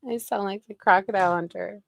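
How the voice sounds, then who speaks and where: A woman's voice: mid-range voice, fairly even intonation, quick pace, vocal fry, no room sound. A woman hosting casual commentary in a sarcastic, gossipy way. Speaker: commentary channel host.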